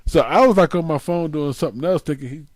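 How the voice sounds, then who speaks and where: A man's voice: a little high, quick pace, dry recording. A young man co-hosting a casual chat show, telling a funny story and acting out the people in it. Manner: storytelling, acts out quotes loudly. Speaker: co-host.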